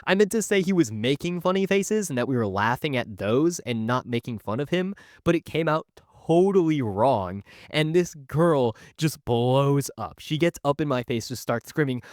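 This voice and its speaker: A young man spins a story for his viewers in a loose, chatty way, peppering every line with filler and little jokes. His voice sits at an ordinary middle pitch. The sound is dry and close, with no room around it. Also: expressive, moderate pace, few pauses, no echo. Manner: chatty, filler-heavy, jokey asides. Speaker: YouTuber telling stories. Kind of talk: casual storytime narration.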